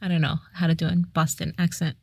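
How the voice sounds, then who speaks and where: A woman's voice: sits low, little pitch movement, fast, husky, no room sound, clean studio sound. A young woman co-hosting a casual podcast, recapping a movie with jokes, frequent laughter and playful voice impressions. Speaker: podcast co-host.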